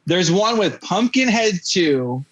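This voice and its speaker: A man's voice: high-pitched, sing-song, takes it slowly, a bit bright, husky, poor audio. A man hosting a podcast, rambling through a casual movie-review chat with lots of fillers and jokes. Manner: rambling, filler-heavy, jokey. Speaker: podcast host.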